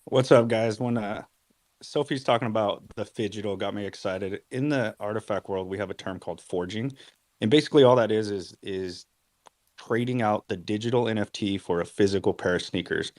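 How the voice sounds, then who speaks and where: A man co-hosting a casual chat, giving a relaxed, matter-of-fact update. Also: lowish voice, fairly quick, no room sound. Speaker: co-host.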